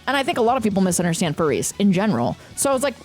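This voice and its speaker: A woman's voice: mid-range voice, racing, faint music behind. A woman in her thirties, a streamer, telling a story in casual chat with frequent swearing. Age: 30s. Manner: ranting, profane, animated storytelling.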